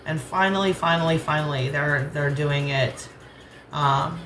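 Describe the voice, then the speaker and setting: Low-voiced chatty American woman in her kitchen. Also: unhurried, roomy sound. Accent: Southern US rural. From United States. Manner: chatty, rambling, laughs easily. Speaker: cooking channel host. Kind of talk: casual kitchen chat. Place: home kitchen.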